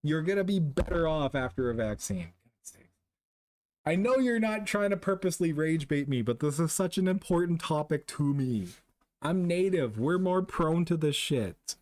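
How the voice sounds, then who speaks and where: A Canadian man streaming live, reading chat and ranting about vaccines, exasperated and profane, swinging between loud outbursts and low muttering. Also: lively intonation, moderate pace, no echo. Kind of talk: casual livestream chat.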